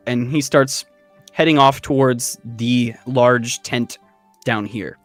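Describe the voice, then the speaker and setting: Guy game master, slow and halting, lots of ums, animated pitch, dry close sound. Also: no room sound, soft background music. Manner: unhurried, halting, many fillers. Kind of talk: narrating a tabletop game.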